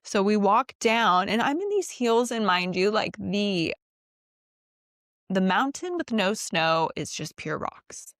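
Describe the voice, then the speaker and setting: A woman podcast host telling a personal story in a casual, animated and profane way, acting out the quotes, on a close mic. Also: mid-range voice, takes it slowly, no echo.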